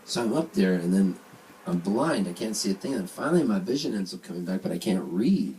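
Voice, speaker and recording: A man telling a funny, self-mocking story to a live audience at a small venue, animated and laughing. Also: sits low, fairly quick. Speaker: singer-songwriter telling a story on stage. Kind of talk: live storytelling between songs. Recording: distant mic, faint room noise.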